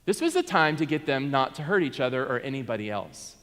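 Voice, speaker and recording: A man's voice: mid-range voice, sing-song, a little fast, a bit bright. A man preaching a sermon as pastor, talking directly with his congregation and asking them to respond. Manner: interactive, asks congregation to respond. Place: church sanctuary. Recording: reverberant church sanctuary.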